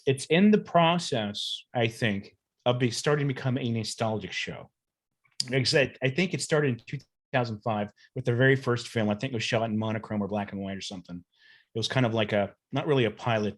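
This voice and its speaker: A man's voice: medium pitch, a little fast. A man chatting as a podcast guest, easygoing and enthusiastic, rambling a little. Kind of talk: casual podcast chat.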